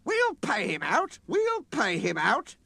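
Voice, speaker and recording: A man's voice: very high-pitched, sing-song, slow pace, bright, forceful tone, no echo, pitched above the performer's own voice, full character voice. A man squealing as mischievous female railway coaches. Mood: mocking.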